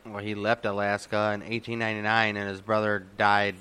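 A man's voice: on the low side, completely flat delivery, brisk, sharp tone, smooth. A man co-hosting a history podcast, reading out facts and reining in his co-host. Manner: reads from notes, laughs at his co-host.

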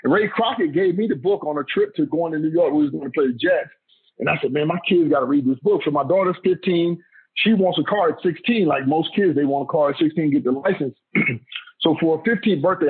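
A man's voice: on the high side, husky. A middle-aged man, a former football player, telling a family story in an interview, emphatic and repeating himself. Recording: tinny phone-like audio.

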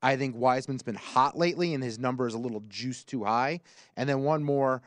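A man's voice: mid-range voice, a little fast, dry recording. A man hosting a sports betting show, running through notes and picks in an easygoing way. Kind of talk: casual sports talk.

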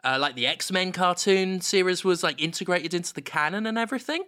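A young man rambling through a deadpan comedic story in casual chat. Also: high voice, fairly quick, smooth.

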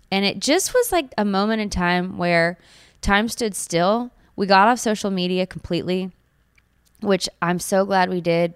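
A woman's voice: mid-range voice, clean tone, dry recording, clean studio sound. A woman in her thirties, a new mother, telling her birth story in an earnest, emotional, gushing way. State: tearful at times. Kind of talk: personal storytelling.

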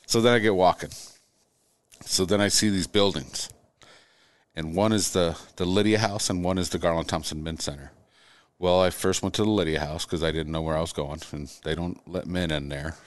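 Deep-voiced middle-aged man telling his story. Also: fairly even intonation, no room sound. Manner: halting, repeats words while recounting. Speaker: guest. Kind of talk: personal storytelling in a conversation.

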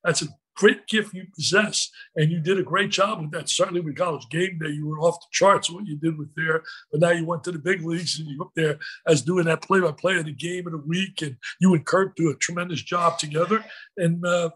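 Older man, bright and husky. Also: a little high, fairly even intonation, brisk, rough recording. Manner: effusive, emphatic praise. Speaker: guest, former co-broadcaster. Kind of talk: casual chat.

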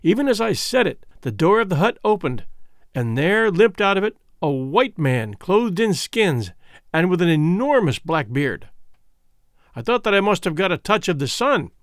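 A man reading a first-person adventure audiobook in a measured storytelling way. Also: high voice, very animated, dry recording, studio quality. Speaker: audiobook narrator. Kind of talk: scripted narration.

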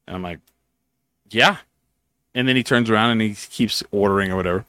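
A man's voice: lowish voice, a little fast, long pauses, no room sound, studio quality. A man hosting a casual podcast, telling a long story full of swearing and acted-out quotes. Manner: profane, animated storyteller acting out quotes. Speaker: podcast host.

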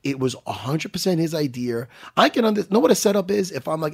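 A middle-aged podcast co-host chats casually and animatedly, swearing freely and frequently restarting his sentences. His voice sits on the high side, fast, creaky, and slightly rough.

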